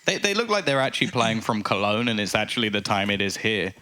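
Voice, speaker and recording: A man giving live play-by-play commentary on an esports match, getting excitable on big plays. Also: lowish voice, fast talker.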